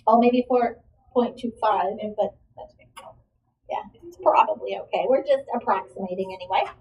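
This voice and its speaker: A woman's voice: medium pitch, lively intonation, moderate pace, a little mellow, recorded from a distance, poor audio. A woman teaching a math lesson, asking the class questions and encouraging the students' answers. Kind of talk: classroom lecture.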